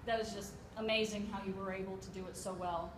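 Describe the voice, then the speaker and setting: A woman's voice: mid-range voice, fairly even intonation, fast. A woman fan asking an actor a question at a convention panel, eager and gushing. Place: large convention hall. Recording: echoey hall, distant mic, crowd noise.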